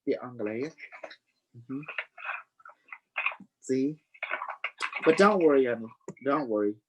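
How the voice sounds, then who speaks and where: This livestream host has an expressive, mid-range voice and speaks slowly against background noise. Loose and preachy, he rambles with frequent "you know"s and warmly addresses people as honey.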